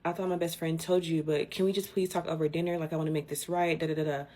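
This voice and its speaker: A woman's voice: sits low, flat delivery, fast, mellow. A woman quoting her evasive boyfriend in a hesitant, apologetic way, full of fillers. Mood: sheepish.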